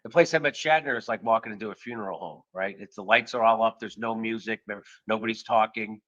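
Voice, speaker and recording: A man hosting a podcast, telling stories in a casual, animated and profane way, acting out the dialogue. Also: on the low side, fast, muffled recording. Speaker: podcast host. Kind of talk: casual storytelling chat.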